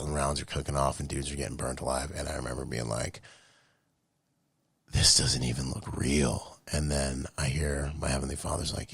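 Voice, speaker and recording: A man in his late thirties with a very low, deep voice tells his story casually, in slang. He jumps into animated voices and sound effects as he goes. The recording is close and dry, with no room sound. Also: moderate pace, vocal fry, slightly rough, no echo. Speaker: podcast guest, Marine veteran.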